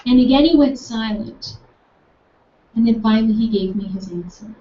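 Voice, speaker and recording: Telling a personal story about a campus conversation, a young woman plays both people in the dialogue with lively enthusiasm. Her voice is on the high side and moves at normal speed. The room sound is dull, distant, and echoey, with a little background noise.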